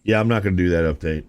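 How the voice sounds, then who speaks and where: A man hosts a casual live game stream, wandering between reactions to the game and idle musings for his chat. His voice sits very low but moves through a wide, lively range. He tosses "dude" around as he talks. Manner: chatty and musing, calls viewers "dude".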